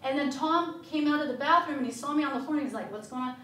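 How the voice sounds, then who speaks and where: Woman preaching her testimony at sunday school, high bright voice, echoey room, mic far off. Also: fast, a little hiss or hum. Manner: animated, emphatic storytelling with laughs. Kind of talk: church testimony and teaching. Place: church room.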